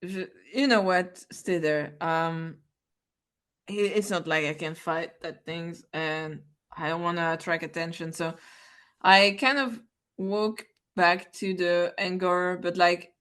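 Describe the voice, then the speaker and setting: A woman playing a tabletop game, talking in an animated, hesitant way and often exclaiming. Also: fairly low pitch, slow. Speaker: player.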